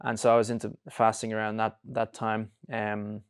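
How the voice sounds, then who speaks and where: Smooth-voiced man, casual. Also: on the low side, monotone, moderate pace. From Ireland. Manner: swears casually, rambling with many fillers. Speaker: guest. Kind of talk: casual chat.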